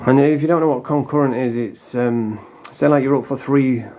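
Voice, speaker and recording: A man's voice: medium pitch, steady tone, moderate pace, mellow. A man, ranting bluntly in a casual monologue and swearing freely. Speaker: vlogger.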